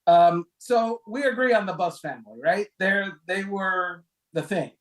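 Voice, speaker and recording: A man co-hosting a casual sports talk show, counting down a list with lively, emphatic delivery and rhetorical questions. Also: measured pace, low-quality recording. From Cuban heritage, raised in South Florida. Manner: animated, rhetorical questions, emphatic pitch jumps.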